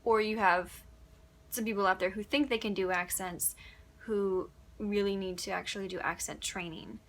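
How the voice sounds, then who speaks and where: A woman from Upstate New York who narrates audiobooks, answering questions in a chatty, animated way and laughing often. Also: mid-range voice, moderate pace. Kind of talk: casual Q&A answers. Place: home closet used as a booth.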